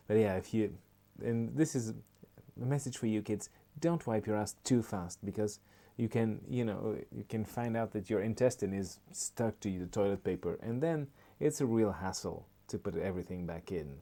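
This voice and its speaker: A man's voice: on the low side, normal speed, dark tone. A man, a comedian, doing a rambling comedy monologue and laughing at his own jokes.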